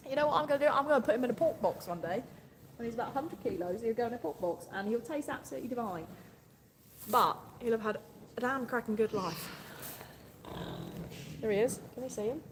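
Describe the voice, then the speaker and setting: A woman's voice: fairly high pitch, expressive, fairly quick, long pauses, long reverb tail. A woman livestreaming from her farm. She coos fondly at her animals and chats and laughs with viewers. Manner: coos affectionately at animals, laughs often, rambles chattily. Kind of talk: chatty livestream talk to viewers. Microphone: handheld phone camera. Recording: noisy outdoor farm sound.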